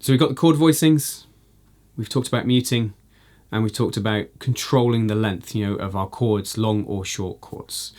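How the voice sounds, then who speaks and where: A man teaching a jazz guitar lesson, explaining in a relaxed way with frequent "you know" fillers. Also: fairly low pitch. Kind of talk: instructional video lesson.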